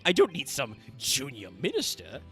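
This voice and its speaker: A man's voice: mid-range voice, huge pitch swings, moderate pace, bright, forceful tone, soft background music. A man casually commentating a game stream, explaining at length and swearing freely. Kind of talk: casual let's-play commentary.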